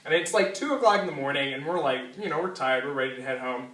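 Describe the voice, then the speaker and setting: Bright-voiced man telling a story in an echoey room. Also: medium pitch, animated, quick pace, recorded from a distance. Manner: casual, laughing, lots of fillers and swearing. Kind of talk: live storytelling to an audience.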